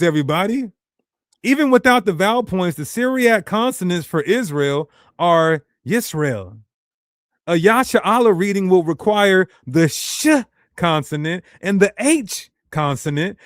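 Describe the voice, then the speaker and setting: In a high-pitched male voice, captured at studio quality without echo, a man presents ministry teaching. His style is emphatic and rhetorical, and he speaks straight to the people watching.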